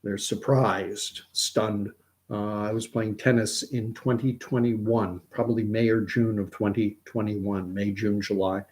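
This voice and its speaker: A man's voice: fairly low pitch, steady tone, measured pace, darkish tone. A middle-aged man from Canada, hosting casual commentary in a rambling way with many restarts and repeated words. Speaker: host.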